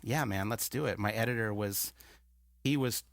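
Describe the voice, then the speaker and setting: A man's voice: on the low side, moderate pace, dry recording. A man, a filmmaker guest, telling a long story in casual chat and acting out the dialogue he quotes. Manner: animated, acts out quoted dialogue.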